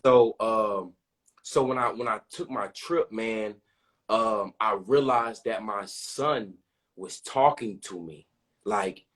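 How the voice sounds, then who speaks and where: A man's voice: mid-range voice, a bit bright. A young man telling a personal story in an open, earnest way, often repeating himself and asking "you know what I'm saying". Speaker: podcast host.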